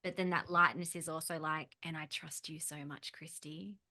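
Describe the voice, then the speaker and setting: A woman hosts a casual chat and explains ideas to her guest in an encouraging way. Her voice sits on the low side. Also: fairly even intonation, moderate pace, sharp tone. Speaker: host.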